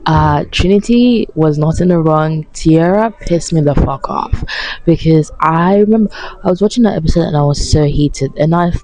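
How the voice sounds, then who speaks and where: A tired woman rants to camera about a reality dating show, blunt, sarcastic, mocking and full of swearing. Her voice sits low with a warm tone at normal speed, and the audio is poor.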